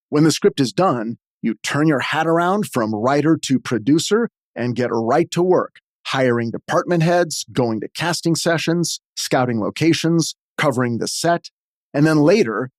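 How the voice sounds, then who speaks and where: A man hosting his own show, reading a scripted comic memoir in a deadpan, self-deprecating way. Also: mid-range voice, no echo, clean studio sound. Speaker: host and screenwriter.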